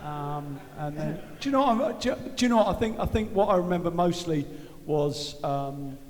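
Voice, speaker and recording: Bloke on stage recalling old matches, slightly high voice, hall echo, swears and jokes. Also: male voice. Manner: candid, animated, quick to swear and joke. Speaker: former footballer, guest. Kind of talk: live on-stage interview. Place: large arena stage. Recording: long reverb of a big hall.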